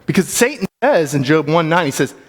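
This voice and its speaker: A man's voice: a little high, sing-song, a little fast, slightly rough. A man teaching a church Bible class in a casual, plain-spoken way, thinking aloud as he goes. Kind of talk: conversational Bible class talk. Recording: long hall reverb.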